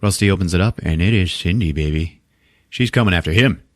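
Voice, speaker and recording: A man's voice: low-pitched, a little fast, no room sound. A man hosting a podcast who retells a film in a casual, profane, laughing way, on a close studio mic. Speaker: podcast host.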